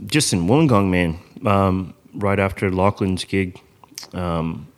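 A man's voice: sits low, slow. A young man hosting a podcast, telling stories in casual chat, swearing often and laughing as he talks. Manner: swears a lot, laughs through his stories. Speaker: podcast host.

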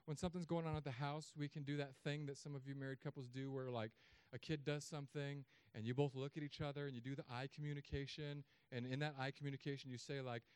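A man in his thirties preaching a sermon as pastor, telling stories in an animated way with sudden loud, high bursts. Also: quick pace, hardly any pauses, smooth, no room sound.

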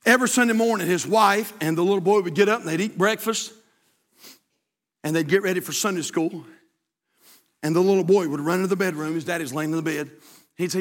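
A pastor delivers an impassioned sermon, building to shouted peaks and falling to hushed storytelling. His voice is very high and bright, with a sharp edge. A long hall reverb follows every word in the sanctuary. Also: quick pace. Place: church sanctuary.

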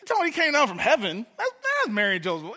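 A man's voice: extremely high pitch, huge pitch swings, quick pace, pushed and bright, pitched above the performer's own voice, full character voice. A man voicing a mocking hometown man who scoffs at a neighbor, in sassy, teasing street talk. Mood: scoffing.

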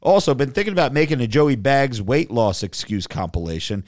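A man's voice: medium pitch, lively intonation, a little fast, darkish tone, dry recording, clean studio sound. Profane, blunt male podcast host. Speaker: podcast host reading chat. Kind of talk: casual banter.

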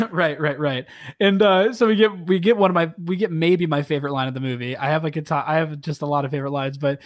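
A man co-hosting a casual podcast chat, retelling scenes with lots of swearing and quick mock quotes. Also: fairly high pitch. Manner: profane, animated retelling with quoted voices. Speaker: podcast co-host.

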